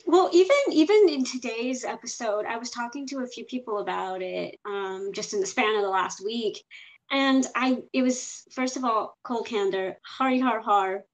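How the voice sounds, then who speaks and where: A woman co-hosts a laid-back fan show, chatting in a loose, rambling way. Her voice sits a little high. She often restarts her sentences as she talks. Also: moderate pace, rough recording. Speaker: podcast co-host. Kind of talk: casual chat.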